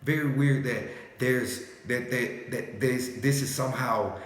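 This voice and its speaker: Slow-talking man in a very echoey room. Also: medium pitch. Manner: keeps checking in with "yes?" and "right?", slangy and loose; soothing repeated "calm down". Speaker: spiritual speaker. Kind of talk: free-flowing spiritual monologue. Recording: very echoey room with long reverb.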